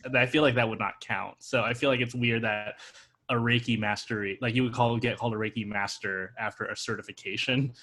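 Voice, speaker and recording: A man's voice: mid-range voice, fairly even intonation, normal speed, sharp tone. A man in casual chat, explaining things wryly through rambling asides.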